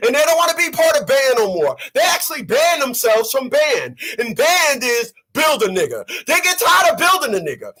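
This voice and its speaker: High-voiced man ranting on his channel. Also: huge pitch swings, a little fast, few pauses, pushed and bright, breathy edge, shouting. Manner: preachy, profane, repeats himself for effect. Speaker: vlogger. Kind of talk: ranting commentary.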